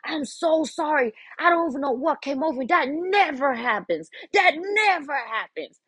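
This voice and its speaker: A woman voicing a flustered young woman who gushes high-pitched apologies. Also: animated, moderate pace, fairly bright tone, dry recording, studio quality. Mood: flustered apology.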